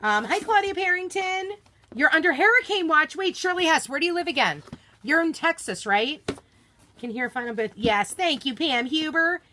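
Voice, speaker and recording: Woman, bubbly live-stream host, bright voice, gushing, greets viewers by name, casual chat at a home desk. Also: sits high, animated, moderate pace, slight background noise. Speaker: craft seller hosting a live unboxing.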